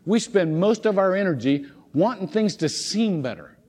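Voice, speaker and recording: A man's voice: high voice, lively intonation, normal speed, darkish tone. A man preaching a sermon, telling a story with lots of restarts and repeated words. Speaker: pastor. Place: church sanctuary. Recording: long church hall reverb.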